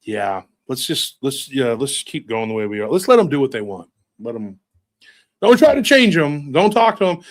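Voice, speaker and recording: A man's voice: mid-range voice, very animated, moderate pace. A man delivering a sardonic, rambling satirical monologue, muttering his asides.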